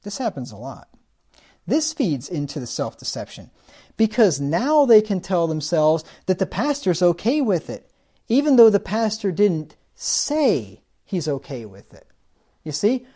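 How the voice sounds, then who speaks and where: A man's voice: high-pitched, lively intonation, moderate pace, dark tone. A man preaching a sermon, asking rhetorical questions and acting out the words of the people he describes.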